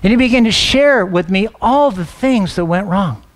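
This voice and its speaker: A man's voice: sits high, expressive, moderate pace. A middle-aged man preaching a sermon as a pastor, telling a personal story with acted-out dialogue and frequent restarts. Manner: storytelling, acts out quoted dialogue; frequent restarts and repeated words.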